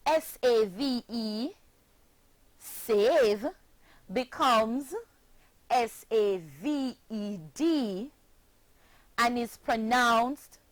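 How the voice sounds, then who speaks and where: A woman's voice: on the high side, no room sound, rough recording. A woman with a Jamaican accent teaching a scripted phonics lesson, spelling words out letter by letter.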